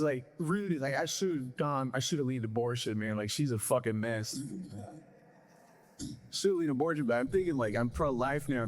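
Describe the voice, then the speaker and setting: A young man doing a stand-up set, rambling and self-deprecating, packed with fillers. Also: mid-range voice. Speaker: stand-up comedian.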